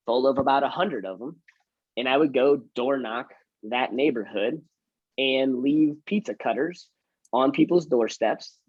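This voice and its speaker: A man's voice: medium pitch, breathy edge, no room sound, highs cut off. A man who works in real estate, chatting casually and teaching, self-mocking and acting out his door-knocking lines. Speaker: real estate agent and trainer.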